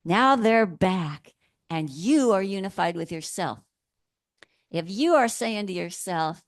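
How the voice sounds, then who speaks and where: A woman minister gives a sermon in a gentle, playful way, laughing often. She speaks slowly with a somewhat low voice. The recording is close and dry. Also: expressive, no room sound.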